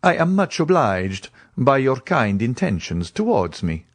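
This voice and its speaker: A man voicing a courtly, ironic count in an audiobook, with polished and smoothly courteous speech. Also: medium pitch, very animated, unhurried, no echo, pitched above the performer's own voice. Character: suave scheming male count, courtly and ironic.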